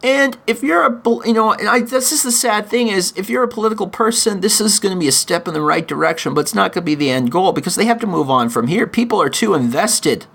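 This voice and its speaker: A man hosting his own podcast, delivering an emotional, pleading opinion monologue with frequent halting restarts. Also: sits high, expressive, vocal fry, a bit bright. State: in chronic pain. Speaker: podcast host.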